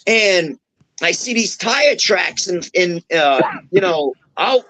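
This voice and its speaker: High-voiced man telling a profane story. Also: takes it slowly, poor audio. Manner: profane, animated, acts out quoted dialogue. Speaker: wrestler guest. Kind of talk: casual podcast storytelling.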